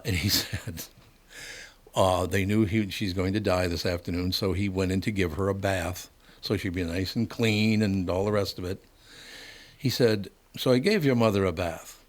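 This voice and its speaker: An older man hosting a talk show, telling a story in a casual way and chuckling through his punchlines. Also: fairly low pitch. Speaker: host.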